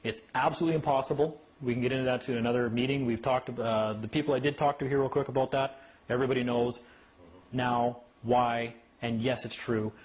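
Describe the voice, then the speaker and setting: A man's voice: mid-range voice, brisk, low-quality recording. A man giving a casual talk on legal rights to a small group, telling stories and acting out voices. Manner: animated storyteller who acts out voices.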